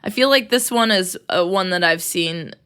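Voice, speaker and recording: She's a young adult woman, a podcast host and teacher, speaking at a normal speed in a lowish voice that is clear, resonant and a bit bright. Her casual podcast chat is loose and talkative, with frequent laughter and acted-out quotes.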